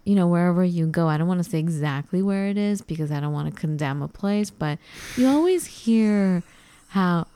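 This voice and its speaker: A woman's voice: fairly low pitch, moderate pace, a little hiss or hum. A woman co-hosting a podcast, chatting casually and acting out the lines of the people in her story. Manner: animated, acts out quoted dialogue. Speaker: podcast co-host.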